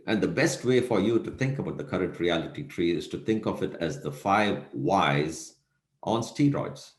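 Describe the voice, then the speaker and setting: Deep, animated male lecturer in an echoey room. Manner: storytelling with rhetorical questions. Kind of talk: recorded lecture.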